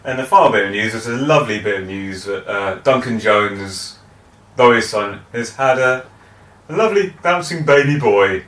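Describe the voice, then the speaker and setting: A podcast co-host with a bright, forward voice and an animated, storytelling delivery. He swears freely. He sounds a little distant from the mic, in a roomy, echoey space. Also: lowish voice, normal speed. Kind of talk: casual chat.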